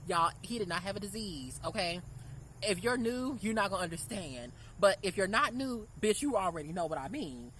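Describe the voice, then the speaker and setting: A woman's voice: mid-range voice, animated, moderate pace, fairly bright tone, slight background noise, rough recording. A young woman tells a casual storytime in a sassy, brash way, calling her listeners girl and honey. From Memphis, Tennessee. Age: 20s. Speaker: vlogger.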